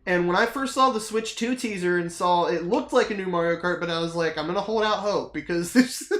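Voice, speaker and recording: A streamer rambling to viewers while playing a game, swearing a lot and ranting in a dramatic, excitable way. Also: medium pitch, normal speed, echoey room.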